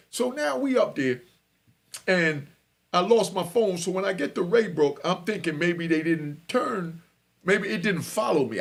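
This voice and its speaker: A middle-aged man telling his own story casually, slangy and animated, often asking if you get him. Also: fairly high pitch, vocal fry. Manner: animated, slangy, keeps asking "you know what I mean".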